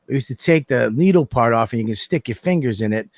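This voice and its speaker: A man's voice: medium pitch, expressive, quick pace, a little mellow, no echo, clean studio sound. A man on a casual comedy podcast, telling crude stories and laughing as he goes. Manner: profane, laughing anecdote-teller. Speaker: podcast co-host.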